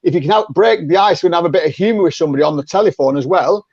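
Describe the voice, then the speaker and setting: A man talks as a guest on a podcast, chatty and quick to act out sample phone calls, stumbling over repeated words as he restarts. His voice sits a little high. The sound is dry and lo-fi, like a video call. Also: darkish tone, no room sound. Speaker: podcast guest, sales coach. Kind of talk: conversational interview.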